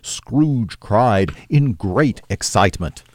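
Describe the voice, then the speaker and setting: A man narrating a classic novel as an audiobook, with a steady, measured delivery. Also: fairly low pitch, no echo.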